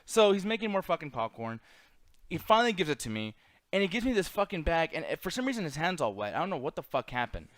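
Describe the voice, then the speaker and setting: A man's voice: a little high, very animated, fast talker, a bit bright, dry recording. A young man hosting a chat show, telling a rambling, profane story in a blunt, casual way. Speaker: podcast host.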